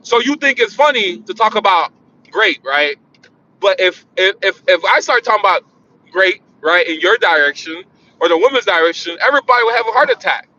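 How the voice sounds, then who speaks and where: High, bright-voiced man telling a story. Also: fairly quick, slight background noise. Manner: animated, repeats phrases for emphasis. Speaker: vlogger. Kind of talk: casual personal storytelling. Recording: dull lo-fi sound.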